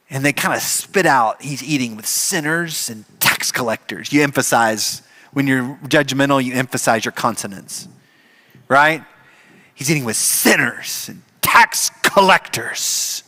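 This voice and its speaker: Animated pastor preaching a sermon. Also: male voice, high-pitched. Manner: animated storytelling, acts out the characters. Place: church.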